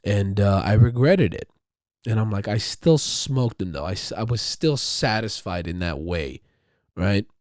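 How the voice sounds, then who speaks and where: His voice on the low side and a bit mellow, this podcast host speaks unhurriedly with lively intonation. Alone at the mic in an echo-free studio, he delivers a rambling, profane monologue full of repeated words.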